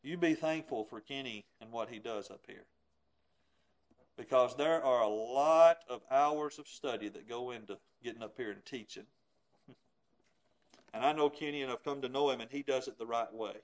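A man's voice: mid-range voice, moderate pace, pauses often, rough recording. A man preaching a sermon in an earnest, emphatic way, often asking rhetorical questions.

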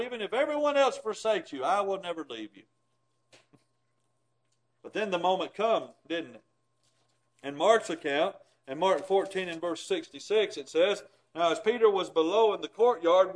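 A man delivers a sermon in a folksy style, alternating loud, emphatic bursts with low, quiet asides and chuckling at his own points. The audio quality is poor.

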